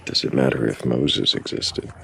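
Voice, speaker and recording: A man's voice: a bass voice, moderate pace, creaky, fairly bright tone. A man hosting a live stream, asking callers direct, probing questions. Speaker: livestream host. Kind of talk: casual livestream talk and interviewing.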